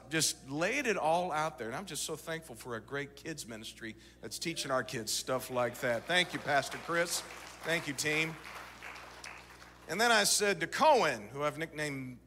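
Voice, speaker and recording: A man in his thirties preaching a sermon, moving between shouted exhortation and quiet storytelling. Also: on the high side, slight background noise. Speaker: pastor. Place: church sanctuary. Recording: church sanctuary reverb.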